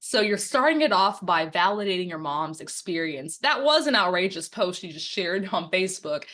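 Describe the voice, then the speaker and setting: A young woman with a slightly low voice walks listeners through a quiz-style lesson. She poses questions, then coaches through the answers in a friendly way, dropping frequent ums along the way. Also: animated, moderate pace, fairly bright tone. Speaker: media and democracy campaigner. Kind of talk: instructional quiz-style presentation.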